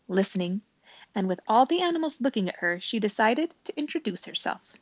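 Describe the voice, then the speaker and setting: A woman with a gentle, clear manner reading a children's storybook aloud. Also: mid-range voice, no room sound. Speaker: storybook reader. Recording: dull dry recording.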